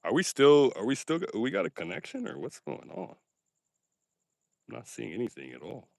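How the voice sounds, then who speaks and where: A man's voice: medium pitch, huge pitch swings, normal speed, vocal fry, no echo, studio quality. A man hosting a casual livestream outdoors at night, joking and poking fun at himself as he talks straight to his chat. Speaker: livestream host.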